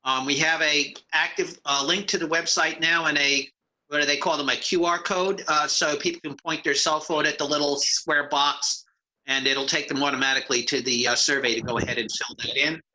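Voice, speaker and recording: A man, a public health researcher, giving an update to a county meeting with many pauses and fillers. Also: a little high, steady tone, sharp tone, low-quality recording. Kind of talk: briefing a meeting.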